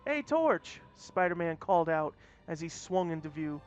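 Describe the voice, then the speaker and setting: A man's voice: on the high side, little pitch movement, moderate pace. A man reading a story aloud in a casual way, often restarting mid-phrase. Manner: plain reading with frequent restarts. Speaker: story reader. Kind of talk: casual read-aloud narration. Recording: dull lo-fi audio, faint music.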